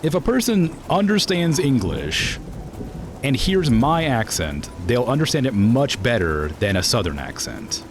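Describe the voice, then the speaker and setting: A man's voice: medium pitch, big pitch swings, measured pace. Brief: young male streamer, rambling and filler-heavy, noisy stream audio. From Florida. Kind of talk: casual gameplay stream chat.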